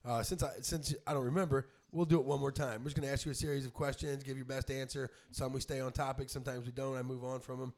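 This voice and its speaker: Give me a fast, argumentative man hosting a casual podcast. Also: medium pitch, flat delivery, a little mellow. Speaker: podcast host. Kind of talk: casual chat.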